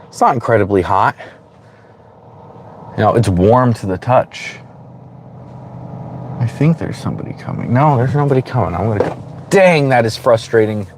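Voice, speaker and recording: Chatty man vlogging from a car, low voice, loud road noise. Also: normal speed, long pauses. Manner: chatty, rambling, frequent fillers and restarts. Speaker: reptile vlogger. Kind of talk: casual running commentary while road cruising. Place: in a car on a road at night, outdoors.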